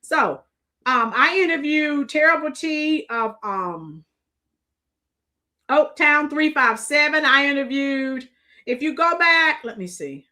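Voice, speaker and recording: A woman's voice: sits high, expressive, slow, pushed and bright. A middle-aged woman from Florida hosts a live stream in casual chat, rambling and answering viewers' comments by name.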